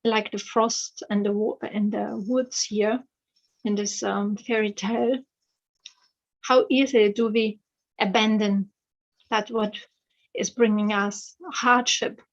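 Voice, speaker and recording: Slow, hesitant woman storyteller. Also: mid-range voice, level tone, highs cut off. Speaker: author and storyteller. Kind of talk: fairy tale storytelling.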